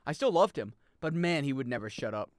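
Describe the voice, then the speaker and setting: A man's voice: mid-range voice, animated, a little fast, no echo. A young adult man streaming a game in casual chat, rambling, swearing and laughing as he plays.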